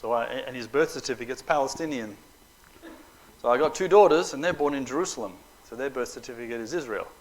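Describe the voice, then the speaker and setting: A man's voice: mid-range voice, quick pace, low-quality recording. Joking middle-aged male preacher telling stories. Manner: animated storyteller, acts out quotes, joking asides. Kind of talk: storytelling talk to an audience. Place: hall at a Bible school.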